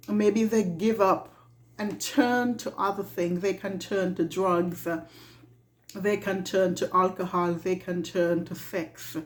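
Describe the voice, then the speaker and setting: A woman giving a devotional reflection in an earnest, halting way, often repeating her words. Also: mid-range voice. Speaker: devotional speaker. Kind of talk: slow reflective devotional talk.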